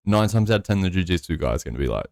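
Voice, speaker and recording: A man's voice: sits low, sing-song, rapid-fire, gravelly, a little mellow, dry recording, studio quality. A man co-hosting a podcast, laid-back and swearing freely in casual chat. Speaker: podcast co-host.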